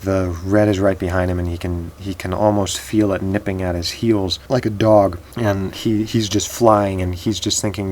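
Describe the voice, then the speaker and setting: A man telling an improvised story in a halting way, often repeating words. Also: deep voice, little pitch movement, a little mellow, a little hiss or hum, rough recording.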